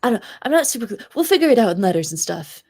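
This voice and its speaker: A woman playing a tabletop role-playing game, talking casually in character and dropping her voice to a hush at times. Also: fairly high pitch, big pitch swings, rapid-fire, slightly rough. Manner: playful, often hushed to a near whisper. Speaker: player.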